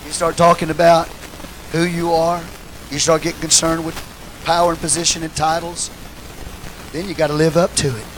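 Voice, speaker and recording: A man preaching a sermon, swinging between shouted call-and-response lines and low, quiet asides to the congregation. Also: little pitch movement, normal speed, pauses often, a little hiss or hum, rough recording. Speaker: pastor.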